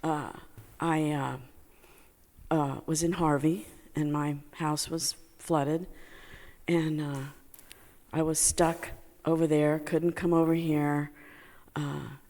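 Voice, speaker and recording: Halting lower-voiced woman in an echoey hall. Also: little pitch movement, darkish tone. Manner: halting, lots of fillers, laughs while telling. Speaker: meditation student sharing a testimony. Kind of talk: personal story told to a group.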